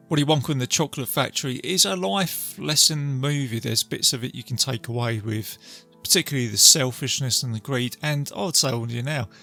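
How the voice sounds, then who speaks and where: Gravelly, bright-toned man recapping a film. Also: medium pitch. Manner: rambling retelling with fillers and restarts. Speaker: podcast host.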